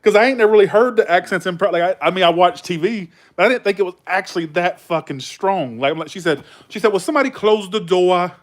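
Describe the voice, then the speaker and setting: A man's voice: high-pitched, fast, few pauses. A man from the Southern US with a Southern accent, rambling casually on a live stream, swearing freely and telling stories. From Southern United States.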